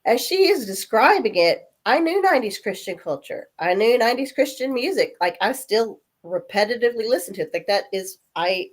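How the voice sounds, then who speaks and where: A woman in her forties, coming down with a cold, telling animated stories in a casual chat and acting out the voices of people in them. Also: a little high, a little fast, few pauses. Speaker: guest. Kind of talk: casual storytelling.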